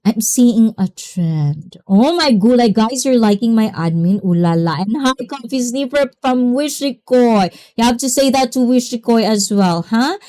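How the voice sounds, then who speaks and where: A woman's voice: a little high, animated, moderate pace, hardly any pauses, warm tone. A woman hosting a livestream, greeting viewers by name and chatting casually with effusive exclamations. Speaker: livestream host. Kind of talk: casual livestream chat reading comments.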